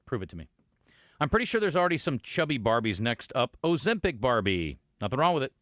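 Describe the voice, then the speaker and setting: Male radio host, quick and jokey, dry studio sound. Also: medium pitch, very animated, a bit bright, no echo. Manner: quick, joking, reads listener texts aloud. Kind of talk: casual sports radio banter. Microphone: studio microphone.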